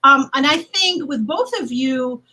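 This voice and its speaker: Chatty woman moderator on a video call, high voice, bright sound, laughs a lot. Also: unhurried, rough recording. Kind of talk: casual livestream panel chat.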